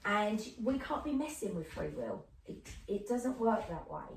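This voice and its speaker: Woman medium chatting away, animated storyteller, roomy sound, faint hiss. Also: mid-range voice, measured pace. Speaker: clairvoyant medium guest. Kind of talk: casual chat. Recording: roomy, distant mic with faint noise.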